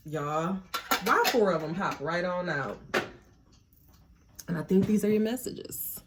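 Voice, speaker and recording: Lively low-voiced woman reading tarot. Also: a little slow, pauses often, heavy background noise. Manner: chatty, laughing, prayerful asides. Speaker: tarot reader. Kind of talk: casual spiritual tarot reading. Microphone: phone.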